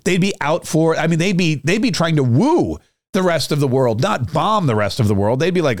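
A man's voice: fairly high pitch, very animated, normal speed, no echo, studio quality. A man hosting a podcast, delivering a rambling, sarcastic political commentary monologue. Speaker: podcast host.

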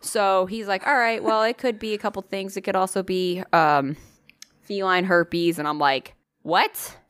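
A woman's voice: medium pitch, fairly even intonation, moderate pace, fairly bright tone, smooth, dry recording, studio quality. A woman co-hosting a podcast, telling a story in casual chat, swearing freely and acting out the voices of the people in it. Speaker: podcast co-host.

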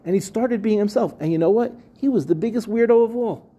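Bright-voiced rabbi teaching a lively class. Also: male voice, high voice, brisk. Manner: conversational, asks the room questions, repeats phrases. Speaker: rabbi giving a Torah class. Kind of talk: lively spoken Torah class. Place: room with a live audience.

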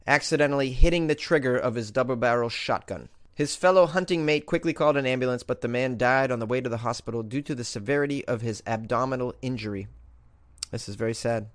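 A male host with an ordinary mid-range voice reads out strange news items, then riffs on them with playful mock outrage. He talks fast in a loose, casual comedic style.

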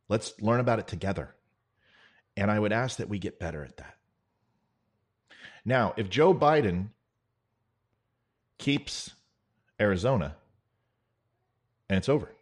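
A man's voice: lowish voice, darkish tone. A middle-aged man talking straight to the listener in an earnest, conversational political monologue. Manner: earnest, conversational, with quick impressions. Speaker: political commentator. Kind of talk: direct-address monologue.

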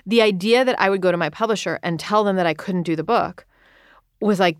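A woman in her thirties, an author, talking candidly in an interview, earnest and quick with frequent restarts. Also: medium pitch, smooth, no room sound, studio quality. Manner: earnest, rushed, many restarts and quoted self-talk.

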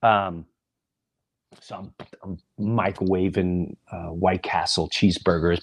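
A man hosting a podcast, telling a personal story in an animated monologue, acting out voices and often dropping into a whisper. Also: on the low side, unhurried, husky. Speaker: podcast host.

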